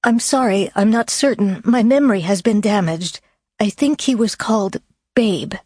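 A woman's voice: mid-range voice, normal speed, a little mellow, husky, no room sound, clean studio sound, voice pushed up, natural voice. Woman doing an anxious, pleading young woman.

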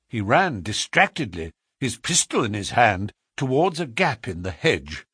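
Male audiobook narrator, measured and expressive, slightly husky, dry close recording. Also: dry recording. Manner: measured storytelling, lively pitch.

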